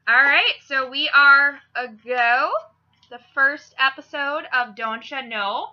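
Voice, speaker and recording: A woman's voice: high voice, slow, no echo, dull audio. A young woman with a Minnesotan accent, hosting a casual podcast in a rambling, self-deprecating way that drifts off on side tracks. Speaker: podcast host.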